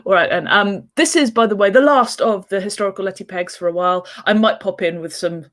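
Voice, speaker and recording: A woman's voice: medium pitch, fairly quick, fairly bright tone. Chatty woman author rambling through a vlog. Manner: chatty, rambling, full of asides and restarts. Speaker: children's book author. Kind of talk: casual explanatory vlog.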